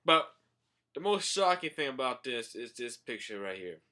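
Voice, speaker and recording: A man casually reviewing a manga chapter, excitable and profane, rambling with fillers. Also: mid-range voice, moderate pace.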